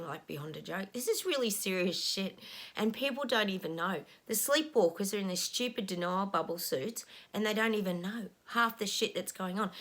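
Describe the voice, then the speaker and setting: A woman's voice: medium pitch, a bit bright. A middle-aged woman, a psychic talking casually to her viewers, frustrated and ranting, sometimes dropping to a whisper. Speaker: psychic channel host.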